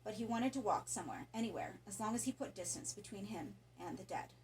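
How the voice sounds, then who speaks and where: A woman reading a horror story aloud in a calm, even narration. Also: mid-range voice, quick pace, a little hiss or hum, rough recording. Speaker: audiobook narrator.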